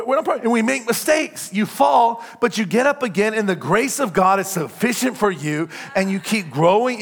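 A man preaching a sermon in church, emphatic, with call-and-response lines that rise to shouts on key points. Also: high-pitched. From California. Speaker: pastor. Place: church sanctuary.

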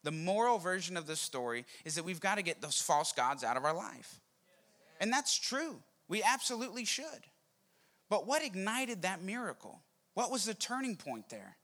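A man preaching a sermon, telling a Bible story with animated, acted-out quotes. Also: sits high, moderate pace. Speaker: pastor.

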